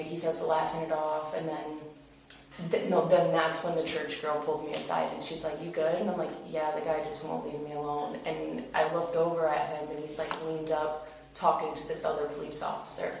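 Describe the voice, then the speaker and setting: In an echoey interview room, recorded far from the mic with audible hiss, a young woman recounts an incident as an interviewee. Her voice sits low, creaky and a little mellow, and she retells events casually, chatty and full of fillers, acting out what others said.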